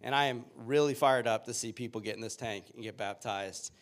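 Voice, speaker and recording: A man's voice: medium pitch, brisk. A man in his thirties, a pastor giving a sermon with upbeat, joking storytelling.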